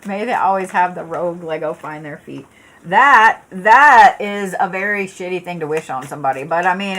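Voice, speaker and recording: This tarot reader is a woman doing a live session while tired and yawning. She's blunt and casual, swears a lot, chats with viewers, and leans on fillers and restarts, speaking at normal speed in a lowish, slightly bright voice.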